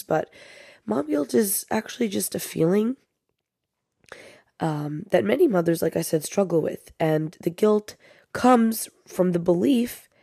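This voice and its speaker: Chatty young mom podcaster, dry close mic. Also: female voice, on the low side, gravelly, mellow, no room sound. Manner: chatty, confiding, says "you guys" often. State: sick. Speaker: podcast host. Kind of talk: casual chat to listeners.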